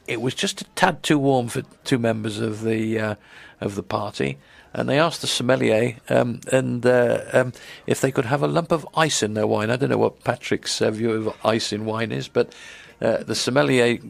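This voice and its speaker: A man's voice: medium pitch, fairly even intonation, gravelly. A man hosting a radio food and travel show, chatting casually with lots of ums and restarts. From England. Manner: halting, many ums and restarts. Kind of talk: rambling casual radio chat.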